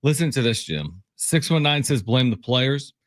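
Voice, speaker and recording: A man's voice: medium pitch, animated, normal speed, no echo. A male sports radio host bantering with his co-host and reading listener texts in a studio. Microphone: studio mic.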